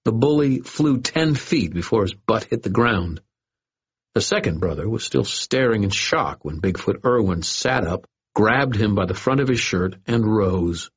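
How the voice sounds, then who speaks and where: A man reads a first-person story in a very deep, husky voice, steady and dry with a wry edge. The recording is dull and lo-fi. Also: unhurried. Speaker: audiobook narrator. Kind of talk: scripted first-person narration. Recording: dull lo-fi audio.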